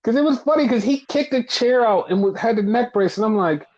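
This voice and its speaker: Animated swearing podcast host, lo-fi sound. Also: medium pitch, a little fast, few pauses. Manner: animated, swears often, acts out quotes. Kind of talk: casual wrestling recap chat.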